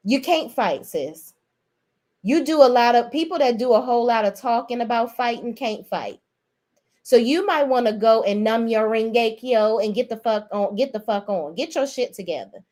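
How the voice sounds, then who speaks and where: A young adult woman giving a blunt, profane, animated rant as host of a reality TV recap. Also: on the high side. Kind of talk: casual ranting commentary.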